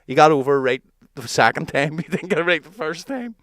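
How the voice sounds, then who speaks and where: A man's voice: fairly high pitch, very animated, fairly quick, fairly bright tone, dry recording, clean studio sound. A man, co-hosting a casual podcast and telling stories through quoted voices. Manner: swearing, storytelling with quoted voices and laughs. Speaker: podcast co-host. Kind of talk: casual banter.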